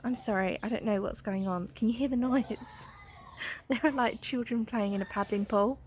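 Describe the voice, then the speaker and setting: A young woman from England, talking candidly in a casual home vlog, often dropping to a soft, hushed voice. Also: a little high, normal speed, a little hiss or hum. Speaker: vlogger. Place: at home, then outdoors in a garden.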